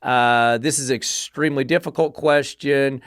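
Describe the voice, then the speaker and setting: A man's voice: mid-range voice, fairly even intonation, moderate pace, fairly bright tone, no echo, clean studio sound. A man hosting a dog-training podcast, reading an article aloud and picking it apart with exasperated, profane sarcasm. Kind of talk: podcast rant reviewing an article.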